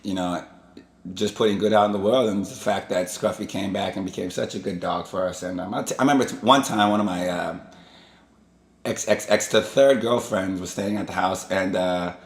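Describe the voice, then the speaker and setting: A man's voice: sits low, fairly even intonation, normal speed. A man hosting his own vlog, telling stories in a casual, rambling and digressive way. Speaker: vlog host. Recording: echoey room.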